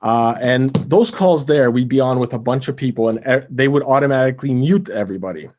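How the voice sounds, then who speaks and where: A man's voice: mid-range voice, brisk, darkish tone. A man co-hosting a podcast, trading stories and questioning things in casual chat. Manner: quizzical, argumentative banter. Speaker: podcast co-host.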